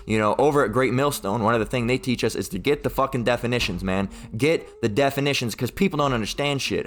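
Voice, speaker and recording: A man delivering an informal, unscripted sermon-style rant at a middle pitch. He talks bluntly and swears freely, circling back on his points and checking in with listeners. He sometimes jumps up into squeaky mocking voices. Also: fairly bright tone. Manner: blunt and profane, rambling, peppered with "all right?" and "okay?"; mocks opponents in raised put-on voices. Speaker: street-style preacher.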